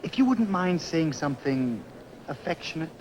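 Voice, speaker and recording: An actor playing a meek, humble tailor slave, coaxing and soothing in 1950s film style. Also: male voice, a little high, big pitch swings, moderate pace. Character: meek gentle tailor slave, middle-aged man, fond of animals. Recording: old film soundtrack with noise.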